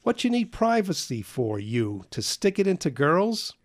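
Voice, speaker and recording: A man voicing a gruff, nosy male building janitor who scolds loudly. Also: on the high side, sing-song, measured pace, voice pushed up. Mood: scolding. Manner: blunt, scolding, loud.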